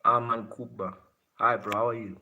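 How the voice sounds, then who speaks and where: A man's voice: mid-range voice, fairly even intonation, moderate pace, creaky, lo-fi sound, a little hiss or hum. A man from South Africa hosting a live stream, casually answering his chat in a blunt way and laughing often.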